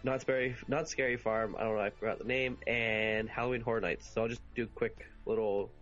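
Hoarse, sick man on a podcast. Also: medium pitch, flat delivery, fairly quick, fairly bright tone, muffled recording, faint music behind. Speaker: podcast co-host. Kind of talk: casual podcast chat.

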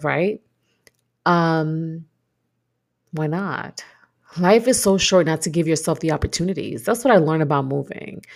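A woman's voice: low voice, creaky, darkish tone. A woman from Brooklyn with a New York accent, hosting a podcast in reflective, chatty casual talk. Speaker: podcast host. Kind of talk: casual solo podcast chat.

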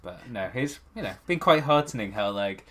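Dry-humored Northern English man, lowish voice. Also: expressive, moderate pace, a bit bright. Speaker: podcast co-host. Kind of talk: casual chat.

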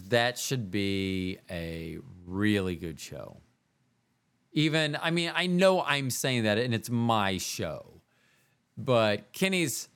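A man's voice: mid-range voice, a bit bright, smooth. A man hosting his own podcast alone, talking in a rambling, self-mocking way and drifting from one aside to the next. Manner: rambling, self-mocking, jumps between voices. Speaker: podcast host. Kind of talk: casual solo podcast monologue.

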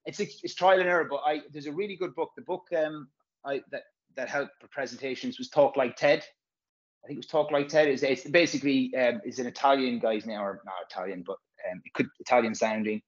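A man's voice: medium pitch, fairly even intonation, fairly quick, highs cut off. A man, a physio course presenter, chatting casually and frankly, rambling and swearing freely. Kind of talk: casual podcast chat.

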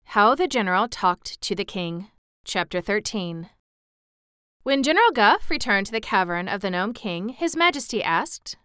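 A woman reading a children's novel aloud with lively, expressive narration. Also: medium pitch, normal speed, clear, resonant tone, no room sound, studio quality.

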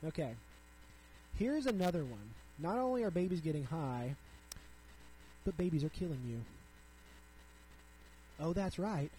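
Young male podcast host, casual and rambling, mellow tone, light hum in the background. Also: on the high side, big pitch swings, unhurried, long pauses, low-quality recording. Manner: chatty, frequent "like", reads articles aloud then riffs. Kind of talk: casual solo podcast commentary.

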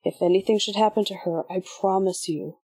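A woman voicing a resentful male agent who speaks low and solemnly, as if taking an oath, in an audiobook. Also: brisk, mellow, breathy edge, no echo, rough recording. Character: resentful young male agent, grim and loyal.

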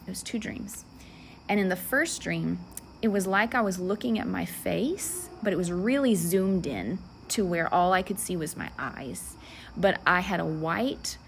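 Gravelly-voiced woman preaching a testimony. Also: on the low side, a little hiss or hum. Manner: earnest, emotional storytelling with soft whispered passages. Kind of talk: testimony sermon.

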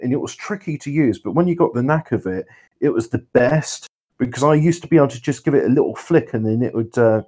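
A man in casual chat, telling an animated story and swearing freely as a co-host. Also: mid-range voice.

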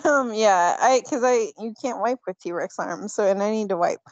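A woman co-hosting a podcast in casual chat, playful and quick to laugh. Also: mid-range voice, a little mellow, dry recording, dull audio. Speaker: podcast co-host.

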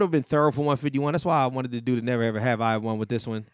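A man's voice: mid-range voice, level tone, rapid-fire, few pauses, no echo, clean studio sound. A man co-hosting a podcast in loose, profane banter. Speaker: podcast co-host. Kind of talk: casual chat.

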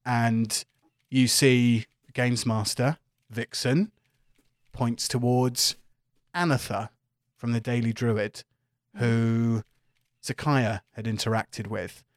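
A man narrating a tabletop game as game master in a relaxed, hesitant way. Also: medium pitch, slow pace, dry recording, clean studio sound.

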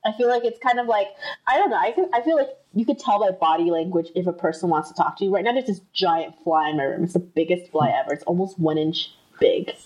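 Her fairly low, slightly mellow voice moves at a quick pace as this young American woman narrates a story on a podcast she co-hosts from home. She chats casually and imitates the people involved, and the audio is muffled.

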